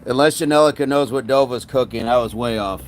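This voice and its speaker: A man's voice: mid-range voice, fairly quick, slight background noise. A man hosting a casual live stream, upbeat and laughing often as he reads out viewer comments. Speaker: fitness streamer.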